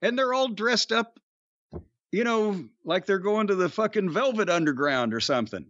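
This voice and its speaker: A man's voice: high-pitched, normal speed, no echo, dull audio. A man, a former pro wrestler, telling rambling, profane stories in casual chat. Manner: rambling, profane, animated storytelling.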